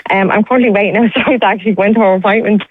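A woman's voice: mid-range voice, steady tone, rapid-fire, breathy edge, no room sound. A young Irish woman calling into a radio show, talking urgently and pleading, repeating herself. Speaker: radio caller. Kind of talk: emotional phone-in call. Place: outdoors waiting outside a hospital. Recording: tinny phone line.

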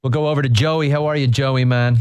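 A man's voice: medium pitch, fairly quick, a little hiss or hum. A man hosting a radio phone-in, joking and teasing his callers in casual banter. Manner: jokey, animated, teasing callers. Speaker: radio host.

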